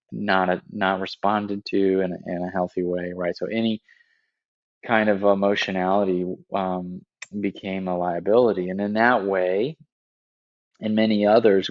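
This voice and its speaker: A man's voice: sits low, no echo, highs cut off. A man in a podcast conversation, explaining reflectively and often checking in with "right?" as he talks.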